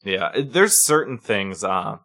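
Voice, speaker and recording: Podcast guy, bright edgy voice, swears a lot, tells stories with energy. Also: lowish voice, unhurried. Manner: swearing, animated storytelling. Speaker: podcast co-host. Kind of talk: casual chat.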